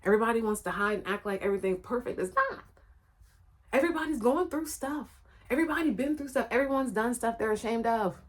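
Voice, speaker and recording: A woman's voice: fairly high pitch, expressive, fast. A woman running her own channel, telling a personal story in a casual, rambling and emphatic way, often repeating her phrases. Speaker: channel creator.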